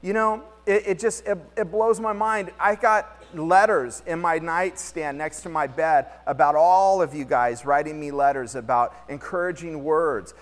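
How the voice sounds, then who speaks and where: A man's voice: fairly high pitch, a little slow, few pauses. Slangy man preaching in a reverberant hall. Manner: lively, slangy, storytelling preacher. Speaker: pastor. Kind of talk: conversational sermon. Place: church hall.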